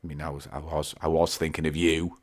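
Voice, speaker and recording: A man with an extremely low voice, talking a little fast, co-hosts a comic podcast. He reads facts and a story aloud from a book, teasing his partner with deadpan, dry asides.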